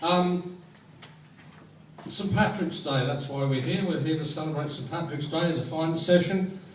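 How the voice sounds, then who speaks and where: A man serving as fines master at a club dinner, telling jokes in a dry, deadpan way to a live audience. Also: on the high side, a little slow, recorded from a distance, slight background noise. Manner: dry, deadpan joke delivery. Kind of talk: joke-telling fines session. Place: function room with audience. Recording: roomy hall recorded from afar with crowd.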